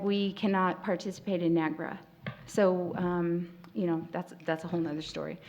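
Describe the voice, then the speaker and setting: A woman moderating a panel discussion at a festival workshop, speaking in a heartfelt, halting way with many pauses and fillers. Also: fairly low pitch, dull audio. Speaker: panel moderator, tribal spokesperson. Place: festival workshop room, live audience.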